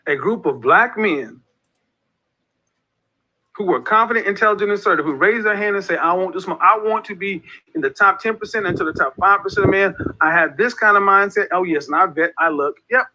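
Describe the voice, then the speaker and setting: In a sharp tone and at a slightly fast clip, a high-voiced man leads an online group through a passionate, preachy monologue. He keeps emphatically restating his points, and the recording sounds dull and lo-fi.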